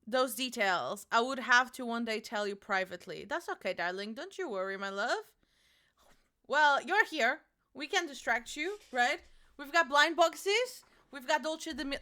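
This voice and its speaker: A woman's voice: a little high, animated, moderate pace, sharp tone. A young woman streaming from her home, chatting casually and playfully with her chat and swearing freely.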